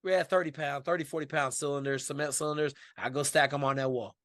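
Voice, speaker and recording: A man from Washington state, a podcast guest telling a story in casual, animated, profane speech. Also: a little high, quick pace, no room sound, clean studio sound.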